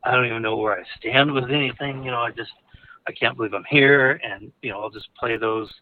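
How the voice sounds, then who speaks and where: A man's voice: medium pitch, fairly even intonation, fast talker, a little hiss or hum. A male caller telling a personal story frankly, in a candid, rambling way with chuckles between phrases. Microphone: phone call. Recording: tinny phone line.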